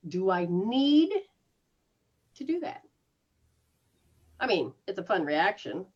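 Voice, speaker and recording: In a casual one-on-one session, a spiritual healer walks a client through her habits, speaking slowly in a husky, mid-range voice. She's animated, her voice leaping up and down as she acts out startled reactions with gasps and laughs, and the recording is muffled and lo-fi.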